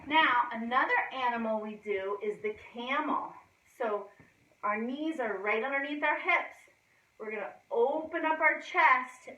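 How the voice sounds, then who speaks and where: A woman's voice: a little high, bright, forceful tone, highs cut off. A woman gymnastics instructor demonstrating moves for a children's class, giving encouraging, sing-song cues. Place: indoor gym. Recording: echoey gym from a distance.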